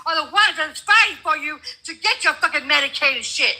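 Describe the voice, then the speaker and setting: A woman's voice: sits high, animated, brisk, pushed and bright, poor audio. An older woman arguing as a guest in a heated livestream debate, blunt, confrontational and full of profanity.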